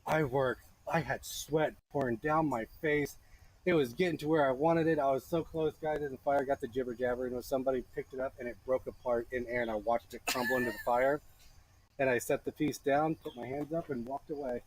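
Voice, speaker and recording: A man's voice: mid-range voice, steady tone, brisk, rough recording. A man teaching a beginner to forge in a blacksmith shop, chatty, joking and encouraging as he works. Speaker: blacksmithing instructor. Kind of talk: hands-on teaching while forging.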